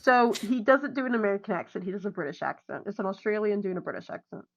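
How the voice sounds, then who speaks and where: A woman's voice: medium pitch, lively intonation, fast, highs cut off. A woman chatting casually between roleplay scenes, rambling, giggling and correcting herself as she goes. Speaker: roleplay partner. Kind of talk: casual chat during voice roleplay.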